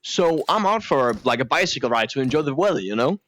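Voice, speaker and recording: A man telling long deadpan joke stories that all end on the same pun, rambling with many fillers and restarts. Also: medium pitch, fast talker. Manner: rambling, filler-heavy, repeats the same punchline. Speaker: joke teller.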